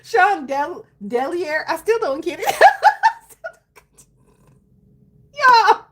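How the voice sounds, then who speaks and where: A woman vlogging casually to her viewers, expressive and exclaiming, who keeps breaking into laughter. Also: very high-pitched, measured pace. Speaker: planner vlogger. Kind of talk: casual chat to camera.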